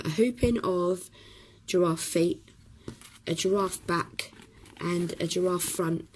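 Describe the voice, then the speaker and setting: A woman with a hoarse, croaky voice from a cough, explaining a craft project step by step in a chatty way with many pauses. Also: lowish voice, steady tone, a little mellow, poor audio. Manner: chatty, talks while working, many ums. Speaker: craft tutorial host. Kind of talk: casual craft tutorial.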